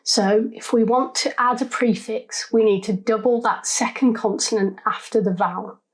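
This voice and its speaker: A woman giving scripted spelling lessons, sounding out syllables slowly and deliberately. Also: on the high side, fairly even intonation, slightly rough, low-quality recording. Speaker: English spelling teacher. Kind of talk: scripted instructional narration.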